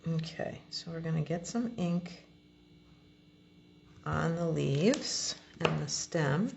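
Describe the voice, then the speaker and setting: Slow low-voiced woman, gravelly crafting tutorial. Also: muffled recording, slight background noise. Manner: relaxed, chatty step-by-step explaining. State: has the hiccups. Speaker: card-making demonstrator.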